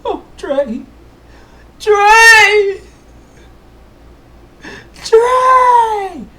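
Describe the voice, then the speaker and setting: A man voicing a betrayed old king in an improvised fantasy story, crying out in shrill, sobbing shouts. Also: big pitch swings, a little slow. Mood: wailing.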